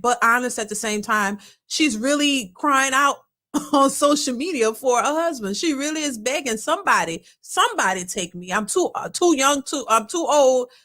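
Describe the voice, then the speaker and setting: A woman hosts a reaction video, her pitch slightly high, chatting casually in an animated, colloquial style and frequently repeating herself.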